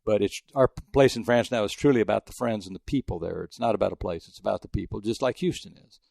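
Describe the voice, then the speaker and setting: Older male sportswriter guest, rapid-fire, gravelly, rambling anecdotes, dry close mic. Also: lowish voice, a little mellow, no room sound. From El Paso, Texas. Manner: rambling anecdotes with frequent restarts. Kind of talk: casual interview storytelling.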